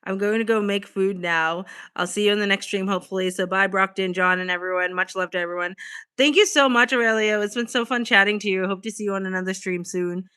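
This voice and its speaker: Chatty girl livestreaming, reads chat out loud, laughs, swears here and there. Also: mid-range voice, fast talker, clear, resonant tone. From Boston, USA. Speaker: livestream host. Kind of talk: casual livestream chat with viewers.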